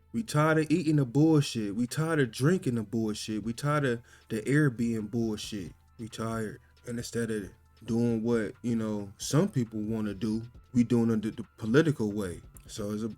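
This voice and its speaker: A man riffs loosely on the news in slangy, emphatic talk. His voice sits at an ordinary pitch, with faint music running underneath. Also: a little mellow. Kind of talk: casual reaction commentary.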